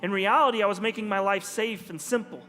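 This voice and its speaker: A male pastor speaks fast in a high, bright, forceful voice during a storytelling sermon. He animatedly acts out the dialogue, and the church sanctuary recording has long hall reverb with faint music underneath.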